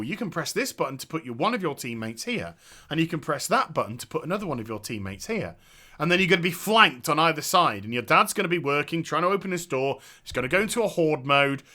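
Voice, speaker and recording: Exasperated male game reviewer, high voice, very bright and cutting, sarcastic and foul-mouthed.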